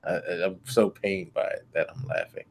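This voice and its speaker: A man's voice: deep voice, fairly even intonation, moderate pace, vocal fry. A man hosting a podcast, chatting casually with teasing, laid-back banter. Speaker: podcast host. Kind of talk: casual chat.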